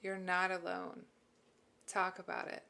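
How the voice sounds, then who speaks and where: A woman's voice: lowish voice, completely flat delivery, unhurried. A woman hosting a live stream, answering chat and encouraging viewers about mental health, emotional and teary. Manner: warm, encouraging, reads and answers chat messages. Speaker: livestream host.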